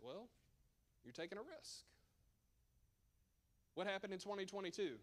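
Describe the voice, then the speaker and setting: A man's voice: sits high, expressive, moderate pace, pauses often. A man presenting at a church seminar as a financial advisor, conversational and emphatic with joking asides.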